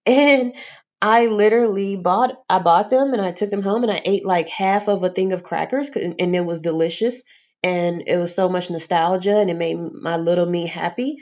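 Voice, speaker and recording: Animated young woman vlogger, slightly muffled. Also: mid-range voice. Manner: animated, expressive, swears casually. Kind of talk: casual storytelling to camera.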